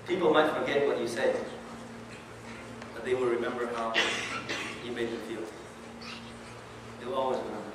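A man's voice: mid-range voice, normal speed, long pauses. A man giving a conversational religious talk, often asking his listeners questions. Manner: conversational, animated, asks the audience questions. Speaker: Islamic lecturer. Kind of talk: sermon. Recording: echoey hall from far off, noisy.

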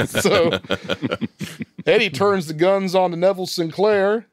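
A man's voice: sits high, unhurried, long pauses, dry recording, studio quality. Man recapping a film plot, laughing often. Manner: walks through the plot step by step, laughing often. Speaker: podcast host recapping a film. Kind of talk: casual film discussion.

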